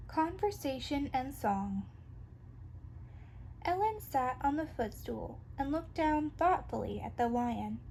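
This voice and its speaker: Slow, high-voiced woman reading a children's story. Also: animated, mellow, a little hiss or hum, rough recording. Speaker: storybook reader. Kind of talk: children's story read-aloud.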